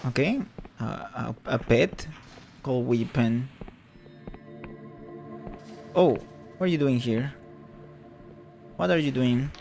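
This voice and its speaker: A man's voice: mid-range voice, slow pace, vocal fry, long pauses, a little mellow, soft background music. A man streaming a game, reading items aloud and muttering casual, sometimes swearing asides.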